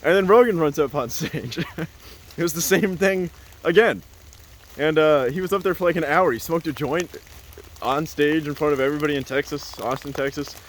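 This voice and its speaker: A man's voice: fairly high pitch, moderate pace, a little hiss or hum. A man telling a casual, rambling story as a vlogger, full of "like" and "uh" and laughing often.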